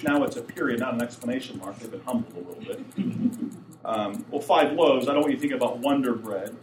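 A man's voice: mid-range voice, fairly quick, background noise. A man preaching a casual, chatty sermon who acts out the voices of the people in the story and asks his listeners questions. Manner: animated, acts out voices of Jesus and the apostles. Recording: roomy and a bit distant, faint room ambience.

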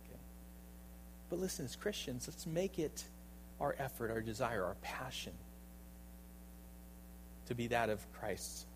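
A man preaching a sermon as pastor, emphatic and full of rhetorical questions, often checking in with his listeners by asking "right?". He swings between loud bursts and soft, low asides. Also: expressive, a little slow, long pauses, noisy background.

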